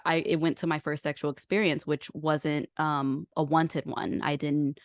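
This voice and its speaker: A woman's voice: sits low, normal speed, no echo, studio quality. A woman hosting a podcast, telling personal stories candidly and animatedly, acting out what others said. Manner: open, animated storytelling with quoted voices. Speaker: podcast host.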